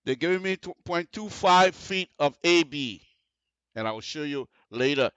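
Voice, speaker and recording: A man's voice: on the high side, expressive, normal speed, fairly bright tone, clean tone, no echo. Man explaining road design step by step. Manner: explanatory, repeats checks like "you see the difference?". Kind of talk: on-air technical tutorial. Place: radio studio.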